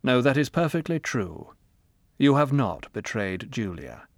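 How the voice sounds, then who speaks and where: A man's voice: medium pitch, big pitch swings, a little slow, dry recording, clean studio sound. A man voicing a cold, cruel interrogator. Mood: calm, measured. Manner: harsh, commanding, contemptuous. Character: cold menacing male interrogator, middle-aged, controlled. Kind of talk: audiobook character reading.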